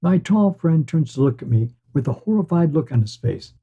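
Male storyteller, measured wistful read, slightly high husky voice, muffled sound. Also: lively intonation, mellow. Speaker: podcast storyteller. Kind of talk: scripted first-person story narration. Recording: dull lo-fi sound.

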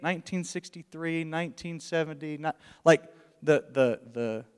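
A man preaching a sermon as pastor, with passionate bursts of loud emphasis and dips into hushed, quiet lines. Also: on the high side. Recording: long hall reverb.

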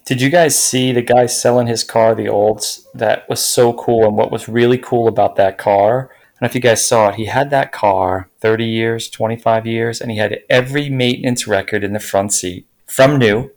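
A man's voice: mid-range voice, steady tone, moderate pace, few pauses, darkish tone, low-quality recording. A middle-aged man chatting casually as a co-host, telling enthusiastic car stories with lots of fillers. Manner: enthusiastic storytelling, many fillers. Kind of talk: casual chat.

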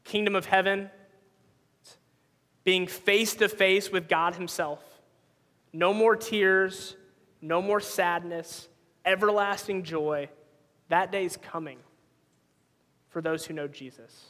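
A man's voice: high voice, fairly even intonation, slow, pauses often, a bit bright, long reverb tail. A man in his thirties preaching a sermon as a pastor, conversational and telling personal stories. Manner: conversational, storytelling with personal anecdotes.

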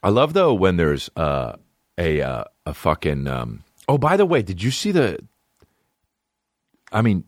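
A male comedian riffs through a rambling, profanity-laced podcast rant. His voice sits low but leaps up and down as he gets worked up. The sound is close and dry. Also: no echo. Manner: profane, rambling, animated rants. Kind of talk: casual comedy podcast monologue.

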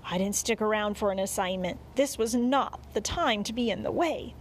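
A woman narrating a children's audiobook in an expressive storytelling manner. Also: medium pitch, moderate pace, few pauses, a little hiss or hum.

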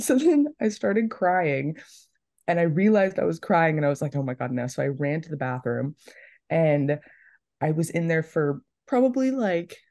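A woman's voice: low-pitched, darkish tone, no room sound, studio quality. A young woman in her twenties, co-hosting a podcast and telling a story in casual chat, with lots of "like"s. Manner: chatty storytelling, many "like"s. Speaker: podcast co-host.

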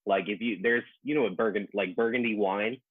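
Hesitant low-voiced man on a tinny line. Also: steady tone, brisk, breathy edge, no echo. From New Orleans, USA. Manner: hesitant, many fillers, laid-back. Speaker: guest, professional cook. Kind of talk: casual podcast chat.

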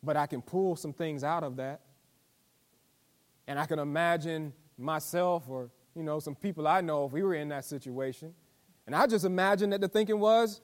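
A man preaching a sermon as pastor, folksy and emphatic, with asides to the congregation that build to forceful emphasis. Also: sits high, normal speed. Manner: preaching with call-and-response asides and rising emphatic delivery; folksy vernacular speech.

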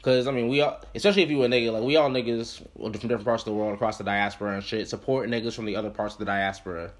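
A man co-hosting a casual music podcast, talking in fast, profane, animated banter. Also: on the low side. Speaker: podcast co-host.

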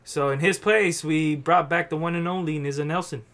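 A man's voice: a little high, fairly even intonation, moderate pace, fairly bright tone. A young man hosting a casual podcast from a friend's house, laid-back and swearing freely. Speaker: podcast host. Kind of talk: casual chat.

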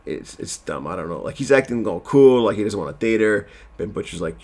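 A man's voice: lowish voice, animated, brisk, darkish tone. A man casually recapping a TV episode at home, rambling and self-deprecating, with lots of fillers.

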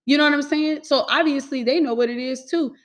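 A woman's voice: high-pitched, fairly even intonation, fairly quick. A woman telling a personal story in casual talk, emphatic and swearing freely.

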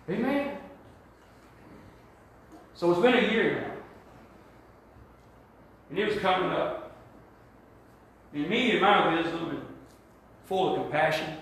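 A male pastor preaching a sermon, repeating words and building to shouts. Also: high-pitched. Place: church sanctuary. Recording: very echoey church hall.

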